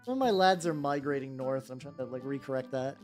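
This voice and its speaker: With faint music behind her, a thirty-something woman paints miniatures and chats casually, drifting between ideas and filling every gap with "like." Her voice is very deep and a little mellow, and she talks a bit fast.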